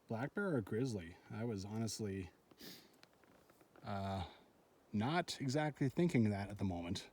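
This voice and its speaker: Shaken man vlogging on a mountain trail. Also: mid-range voice. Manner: shaken, swearing, breathless retelling of a bear encounter; rambling, repeats himself. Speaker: solo backpacker filming his hike. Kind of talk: handheld trail vlog.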